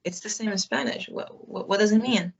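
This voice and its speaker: A woman's voice: medium pitch, a little fast, creaky, breathy edge. Dry-humored woman on a lo-fi podcast. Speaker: podcast co-host. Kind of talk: casual chat.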